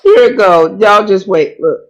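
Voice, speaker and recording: A woman's voice: medium pitch, a little slow, low-quality recording. A woman hosting a live call-in show, casual and slangy, laughing often. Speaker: host.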